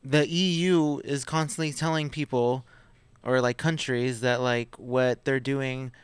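A man's voice: mid-range voice, steady tone, a little slow, smooth, no echo. Chatty man reading news on a podcast. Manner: chatty, swearing, laughs while reading. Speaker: podcast co-host. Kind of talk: casual chat, reading news aloud.

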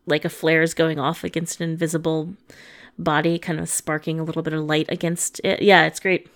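Woman on a movie podcast, kinda low voice, laid back, lots of yeah and mm-hmm. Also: fairly quick. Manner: relaxed, agreeable, many short replies. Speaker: podcast co-host. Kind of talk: casual movie review chat.

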